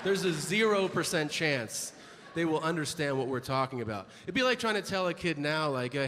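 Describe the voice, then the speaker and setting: Animated male stand-up comic, lively pitch. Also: big-room sound. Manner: animated, acts out other people's lines in quick put-on voices. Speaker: stand-up comedian. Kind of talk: stand-up storytelling. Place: comedy stage before a live audience. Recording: stage recording with audience noise.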